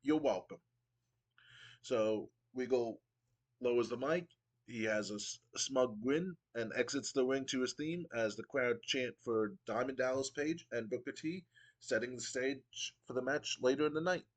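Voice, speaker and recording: A man's voice: mid-range voice, moderate pace, poor audio. A man casually narrating his wrestling game playthrough, rambling with frequent ums and restarts. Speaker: game streamer.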